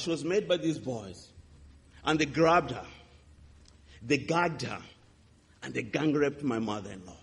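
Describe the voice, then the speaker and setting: A man preaching a sermon, telling a testimony with impassioned swings between loud and hushed delivery. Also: medium pitch, animated, measured pace, gravelly, pauses often, slightly rough. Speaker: pastor. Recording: reverberant hall.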